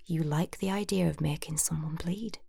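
A woman's voice: deep voice, moderate pace, warm tone, no room sound, exaggerated voice. A woman whispering as a sly taunting woman. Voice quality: whispered, husky. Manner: teasing, menacing. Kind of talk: whispered role-play.

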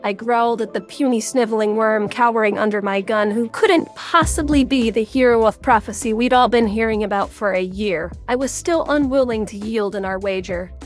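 A woman's voice: on the high side, moderate pace, hardly any pauses. A woman narrating a first-person story with a wry, sardonic tone, faint music underneath.

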